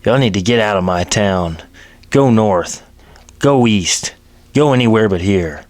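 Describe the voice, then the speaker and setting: A man's voice: lowish voice, animated, unhurried, no echo. A man voicing a bigoted, sneering frontier doctor, spitting his words with contempt. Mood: contemptuous.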